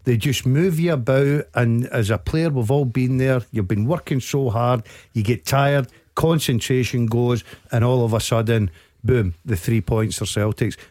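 An ex-player talking football on the radio, animated and emphatic, and audibly out of breath as he talks. He has an ordinary middle pitch and a dry, close studio sound. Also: measured pace, no room sound. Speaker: football pundit, former player.

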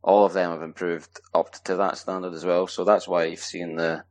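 A man from Scotland, a hockey player answering podcast questions in a relaxed, rambling way with plenty of fillers. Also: low-pitched, moderate pace. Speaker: guest ice hockey player. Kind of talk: casual podcast interview.

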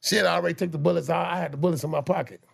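A man with a very gravelly, husky voice pitched a little high tells rough stories in a casual chat. He talks in profane slang and is animated, often stammering and restarting his sentences. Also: racing. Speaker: guest telling life stories.

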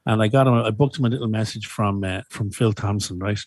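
Podcast guest: man, low and husky, animated storyteller, dry close sound. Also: a little fast, dry recording. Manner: animated storytelling, swearing, laughing at himself. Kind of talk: casual chat.

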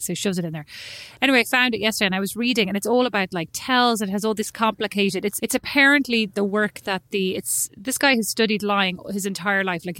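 A woman's voice: mid-range voice, a bit bright, dry recording. A woman with a slight lisp, co-hosting a podcast in rambling, self-mocking casual chat. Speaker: podcast co-host.

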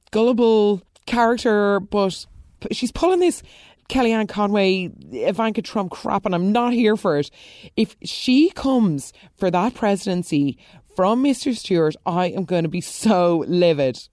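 A woman chatting casually through a TV soap recap, animated and opinionated, with quick asides and exclamations. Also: mid-range voice, no room sound, clean studio sound.

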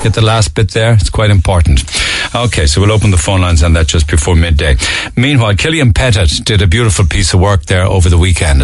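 A man's voice: low-pitched, brisk, no echo. A man with an Irish accent hosting a radio talk show, chatting casually with callers, reading out listener texts and laughing easily. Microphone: studio microphone.

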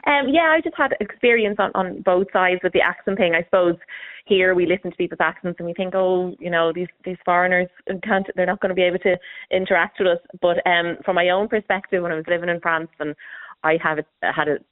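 An Irish woman calling into a radio show, earnestly telling her story. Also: on the low side. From Ireland. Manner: earnest, quick, animated retelling. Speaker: caller. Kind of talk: phone-in chat. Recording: tinny phone line.

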